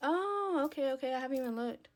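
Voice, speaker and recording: A woman's voice: a little high, a little slow, a bit bright. Chatty woman on a phone livestream. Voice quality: casual, chatty Southern speech with fillers. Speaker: livestream host. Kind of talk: casual live stream chat.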